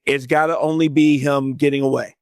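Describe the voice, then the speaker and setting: A man's voice: medium pitch, little pitch movement, a little fast, a little mellow, clean tone, no echo, studio quality. A man guesting on a podcast, talking casually and thoughtfully, often restarting his sentences. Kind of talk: casual chat.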